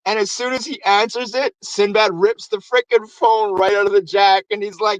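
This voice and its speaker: High-voiced guy ranting about a movie, casual and sweary, dry sound. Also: a little fast, hardly any pauses, no room sound, muffled recording. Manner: animated, acts out quotes in raised voices. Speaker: show host. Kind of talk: excited movie recap.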